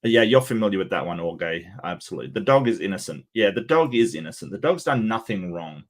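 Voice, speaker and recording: A man hosting a livestream, giving casual sarcastic commentary with many halting restarts. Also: on the low side, very animated. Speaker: livestream host.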